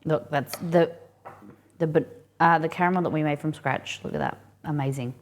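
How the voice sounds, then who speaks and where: A woman's voice: sits low, moderate pace. A woman hosting a casual live cooking stream, chatting and thinking aloud with rambling asides as she works in a kitchen.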